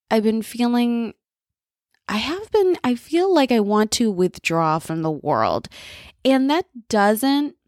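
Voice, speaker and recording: A woman's voice: a little high, darkish tone, dry recording, clean studio sound. Candid, reflective woman podcaster. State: worn out and frayed. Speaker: podcast host. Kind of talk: casual personal monologue.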